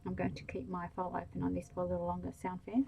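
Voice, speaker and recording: A woman reading a bedtime story aloud, giving the lines of a kindly, firm male policeman in a soft-spoken voice. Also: fairly low pitch, monotone, fast talker, gravelly, slight background noise, poor audio. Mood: fatherly. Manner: gently firm, fatherly. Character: kindly middle-aged male country policeman.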